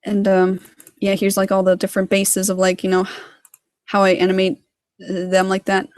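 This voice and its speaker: A woman's voice: medium pitch, monotone, normal speed, no echo, clean studio sound. A woman giving a casual livestream tutorial on her animation work, rambling with lots of fillers. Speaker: hobby sprite animator.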